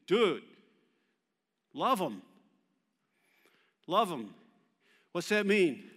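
Unhurried and very animated, a male pastor with a high, fairly bright voice pauses often as he preaches. In a church hall with long reverb, he asks the congregation questions and has them answer back.

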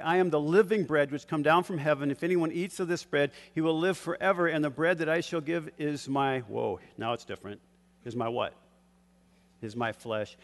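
Older male preacher in a reverberant hall. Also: a little high. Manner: call-and-response, asks the congregation to fill in words; chuckles often, shifts from loud to hushed. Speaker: pastor. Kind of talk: sermon.

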